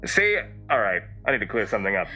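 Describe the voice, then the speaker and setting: A man playing in a tabletop game, talking in animated, joking banter. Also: fairly low pitch, racing, soft background music, rough recording. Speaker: player.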